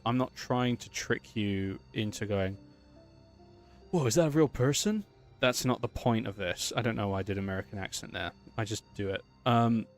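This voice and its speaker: A man chatting casually and upbeat as he streams his animation work, thinking aloud as he goes. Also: fairly low pitch. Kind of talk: casual livestream talk while working.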